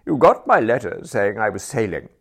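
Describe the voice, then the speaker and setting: A man's voice: fairly low pitch, big pitch swings, normal speed, breathy edge, pitched above the performer's own voice, heavily acted. A man voicing a domineering aristocratic older woman who speaks tartly and scolds. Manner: sharp, scolding.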